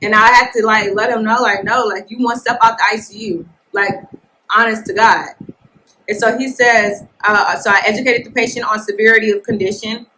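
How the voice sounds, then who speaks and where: A woman hosting a casual podcast, telling a work story in a blunt, animated way and talking straight to her listeners. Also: a little high, fairly quick, a little hiss or hum, poor audio. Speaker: nurse podcast host. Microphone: podcast mic, filmed for video.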